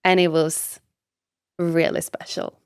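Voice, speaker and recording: Low smooth-voiced woman from sweden, swears a lot, says like and you know constantly, dry close mic. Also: level tone, slow pace, no echo. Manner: candid and emphatic, swears freely, many "like" and "you know" fillers. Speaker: guest, business coach. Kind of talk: casual podcast interview.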